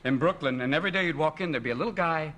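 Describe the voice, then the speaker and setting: A man appearing as a comedian guest on a late-night talk show, riffing rapidly and slipping into quick voices. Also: a little high. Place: TV studio before a live audience. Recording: archival TV with loud studio audience. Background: loud audience laughter.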